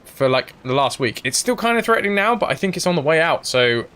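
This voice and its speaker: A man's voice: on the high side, big pitch swings, fast talker, fairly bright tone, clean tone. A man chatting casually while streaming a role-playing game and thanking viewers.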